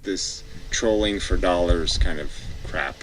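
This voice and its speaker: Low-voiced sarcastic man. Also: slow, a little hiss or hum, rough recording. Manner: sarcastic, rambling, crude. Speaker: co-host reacting to videos. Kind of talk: casual profane chat.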